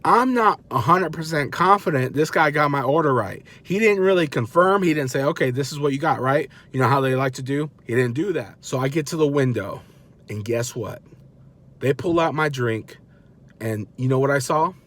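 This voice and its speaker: A man in his thirties telling a story in a casual, animated, self-mocking way and acting out the people he quotes. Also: mid-range voice, normal speed. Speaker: vlogger dad.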